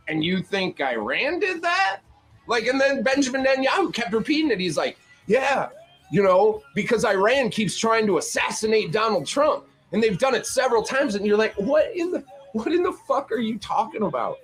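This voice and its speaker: A man hosting a livestream panel, ranting in a sarcastic, profane way and mocking others with quoted voices. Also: a little high. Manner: sarcastic, swears constantly, mocks with put-on quotes. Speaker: panel host. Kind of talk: profane political rant on a livestream.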